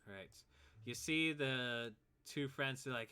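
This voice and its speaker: A man narrating as game master in a tabletop role-playing game, relaxed and loose, chuckling often. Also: mid-range voice, slow pace, smooth.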